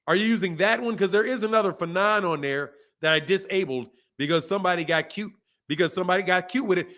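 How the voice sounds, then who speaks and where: A man hosting a boxing livestream, talking in a slangy, animated way and laughing often while reading out viewer messages. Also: high voice, quick pace. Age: adult, a father. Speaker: boxing channel host. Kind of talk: casual livestream chat.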